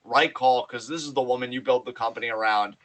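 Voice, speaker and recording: Excitable man with a bright voice. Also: mid-range voice, quick pace, low-quality recording. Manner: excited, profane, animated. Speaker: podcast co-host. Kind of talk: casual chat.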